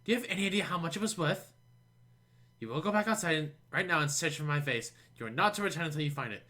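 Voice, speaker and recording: A man's voice: on the high side, lively intonation, quick pace, sharp tone. A man voicing a haughty noblewoman who scolds her servant in an imperious tone.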